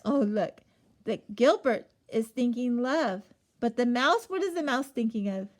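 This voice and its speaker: A woman's voice: on the high side, animated, unhurried. A young woman reading a picture book aloud to children, asking them questions and gasping as she goes. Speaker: storyteller.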